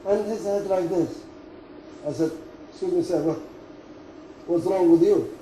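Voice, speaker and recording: An older Emirati man, Arabic-speaking at heart, tells business stories in halting, chuckling English. His voice is very dark and mellow, picked up from a distance in an echoey room with faint background noise. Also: high voice. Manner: halting, chuckling storyteller in non-native English. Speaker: company chairman. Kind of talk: anecdote-telling at a business talk. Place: meeting room at company headquarters. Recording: roomy, from far off, faint noise.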